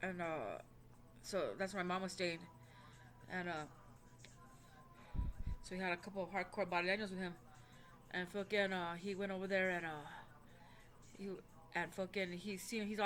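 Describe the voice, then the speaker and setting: Bright-voiced woman, blunt and swearing. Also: medium pitch, steady tone, moderate pace, long pauses. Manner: rambling, heavy swearing, blunt. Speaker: vlogger. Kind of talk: casual storytelling to camera. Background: faint background music.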